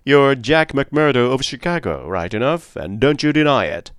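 Brief: a man doing a bluff police captain, loud and raised in pitch, bantering. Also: animated, normal speed, clear, resonant tone, no echo, clean studio sound, close to an everyday voice. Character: gruff, good-humoured middle-aged police captain.

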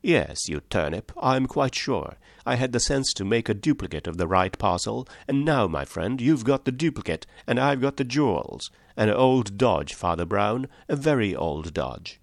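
A man's voice: lowish voice, very animated, moderate pace, vocal fry, few pauses, dry recording, studio quality. A man voicing a towering, boastful master criminal in an audiobook, scornful and triumphant. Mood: gloating.

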